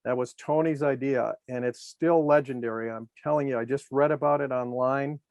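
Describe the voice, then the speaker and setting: A man's voice: medium pitch, steady tone, normal speed, vocal fry, a little mellow, dry recording. A man in his sixties, a former sports trainer, telling long anecdotes in an interview with lots of fillers. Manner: rambling anecdotes with many fillers. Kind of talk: storytelling interview.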